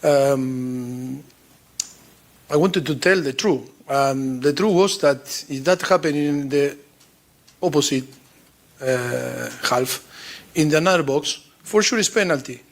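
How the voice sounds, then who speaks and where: A man whose first language is Spanish, answering at a press conference as a football coach in halting English with many pauses and restarts. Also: mid-range voice. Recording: played clip from press conference.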